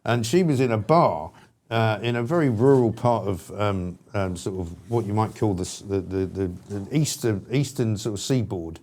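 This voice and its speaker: A man's voice: lowish voice, moderate pace, a little hiss or hum. This is an English man co-hosting a casual talk show. He tells stories with lots of asides, and his voice climbs when something amuses him. He laughs easily as he goes. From England. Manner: animated storytelling, laughs often, trails into asides. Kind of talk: casual opinion chat.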